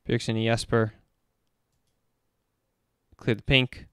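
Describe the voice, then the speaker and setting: A man coaching esports players talks through a match replay and picks apart each play with lively, analytical energy. His voice is smooth and resonant. The sound is dry and close to the mic. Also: lowish voice, normal speed, no echo. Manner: analytical, animated, breaks down plays step by step. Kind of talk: casual game-replay commentary on a stream.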